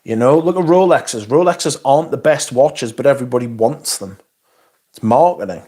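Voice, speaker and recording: A man's voice: medium pitch, normal speed, dark tone. A man hosting a casual livestream. He reads viewer comments aloud and answers them bluntly, swearing often and adding asides. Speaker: livestream host. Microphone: phone.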